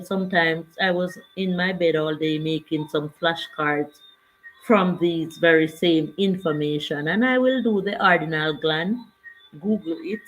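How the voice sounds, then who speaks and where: A woman's voice: lowish voice, slight background noise, poor audio. An older woman, chatting casually on her livestream and greeting viewers by name. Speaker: livestream host.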